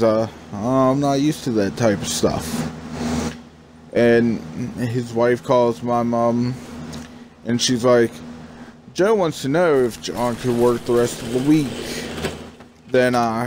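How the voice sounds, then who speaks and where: A man's voice: mid-range voice, noisy background. Rambling young man telling a story. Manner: rambling, swears, acts out his own panicked inner voice. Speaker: gaming vlogger. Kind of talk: casual storytelling over gameplay.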